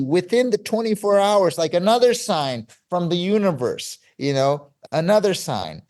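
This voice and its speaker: A man, telling a story as an interview guest with excited, stop-start energy. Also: high voice, moderate pace, few pauses. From Cyprus. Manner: animated, excitable, with frequent restarts and laughs.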